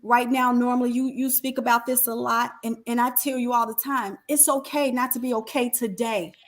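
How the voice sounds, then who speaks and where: Higher-voiced woman cohost, firm and encouraging, keeps repeating her point. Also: fairly even intonation, normal speed. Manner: emphatic and encouraging, repeats key phrases. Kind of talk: supportive talk-show conversation.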